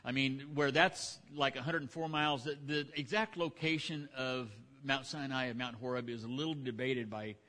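A man preaching a sermon in a relaxed, conversational way, retelling scripture in everyday speech. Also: mid-range voice, normal speed, hardly any pauses. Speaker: pastor.

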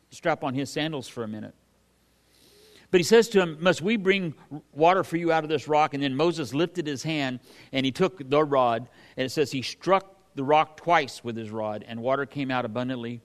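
Guy preaching casually, folksy and halting, lots of uh and restarts, average pitch. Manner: reads scripture aloud then comments on it. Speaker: pastor. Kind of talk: conversational Bible teaching.

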